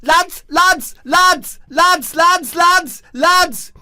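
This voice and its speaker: A man's voice: extremely high pitch, normal speed, a bit bright, voice pushed up. Man doing a frantic, yelping young footballer.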